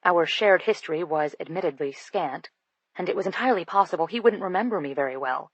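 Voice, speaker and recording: Woman narrator, low voice, expressive comic storytelling, dry close-miked sound. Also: brisk, dry recording, muffled recording. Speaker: audiobook narrator. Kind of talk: first-person scripted narration.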